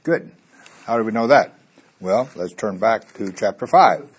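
Speaking a little slowly with lively intonation, a middle-aged Missouri pastor with a low, breathy voice teaches a Bible study. He reads the verses with rising emphasis and asks the group questions.

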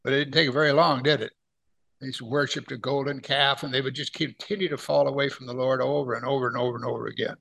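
A middle-aged man preaching a verse-by-verse Bible lesson in a conversational way, asking his listeners rhetorical questions and slowing right down whenever he reads scripture aloud. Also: mid-range voice, fairly even intonation, gravelly, a bit bright.

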